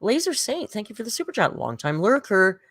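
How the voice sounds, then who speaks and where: A woman's voice: medium pitch, big pitch swings, brisk, dry recording. A woman from Canada hosting a casual reaction stream, making wry remarks, swearing now and then, and reading viewer messages aloud. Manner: wry, swearing, reads super chats aloud.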